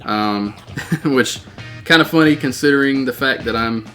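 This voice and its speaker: A man streaming live gameplay, excitedly calling out plays and reading chat messages aloud. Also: medium pitch, measured pace, soft background music. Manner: excitable, shouting out game callouts. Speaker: gaming streamer.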